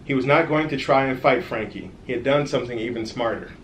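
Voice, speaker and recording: An author reads his own children's book aloud, fast, lively, and friendly, in a middle-pitched voice. He pauses now and then to speak straight to the young listeners. The room is echoey, with a faint hiss under the recording.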